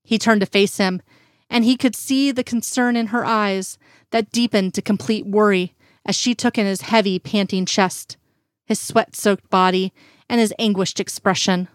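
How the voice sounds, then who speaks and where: Woman storyteller, earnest, mid-pitched, dry booth sound. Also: fairly even intonation, normal speed, no room sound. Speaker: reader. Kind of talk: reading fan fiction aloud.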